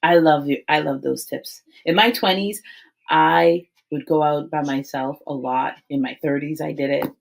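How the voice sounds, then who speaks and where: A woman's voice: sits low, fairly even intonation, moderate pace, vocal fry, poor audio. A woman in her forties hosting a podcast interview, chatting animatedly and laughing often between phrases. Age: 40s. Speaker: podcast host. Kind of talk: casual interview chat.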